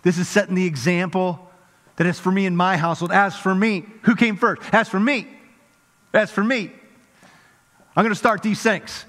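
A middle-aged male pastor preaching a sermon, swinging from lively emphasis to hushed intensity. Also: sits high, normal speed, long pauses. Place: large church hall. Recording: reverberant church hall.

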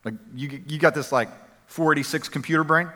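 A man preaching a sermon as a pastor, energetic and conversational, repeating phrases for emphasis. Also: on the high side, a little fast. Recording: long hall reverb.

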